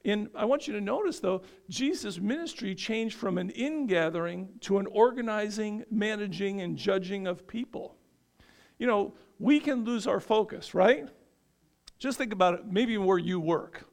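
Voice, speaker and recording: A man's voice: high voice, normal speed, creaky. A man from northeastern Pennsylvania preaching a sermon, often asking the congregation questions and answering them himself. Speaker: pastor.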